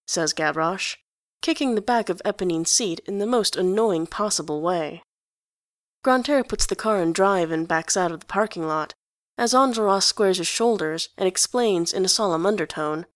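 A woman narrating a story aloud in an even storytelling delivery. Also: fairly low pitch, normal speed, no echo, clean studio sound. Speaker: reader.

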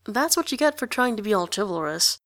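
A brash, bossy teenage girl, as a woman reads her, wry and crude. Mid-pitched with a dry, close recording. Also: sing-song, fairly quick, fairly bright tone, no echo.

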